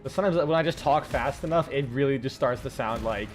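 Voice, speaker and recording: Excitable man with a light Southern drawl, game music behind. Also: medium pitch, fast. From American South. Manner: excitable, swears a lot, rambling with restarts. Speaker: streamer. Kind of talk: casual gameplay commentary.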